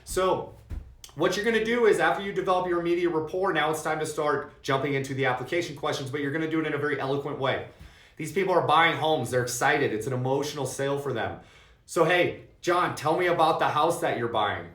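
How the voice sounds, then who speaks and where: Speaking fast in a slightly high, somewhat bright voice, a male sales trainer drives home his points to insurance agents, repeating them emphatically. He refers to his listeners as "guys," and the coaching session is captured in an echoey room.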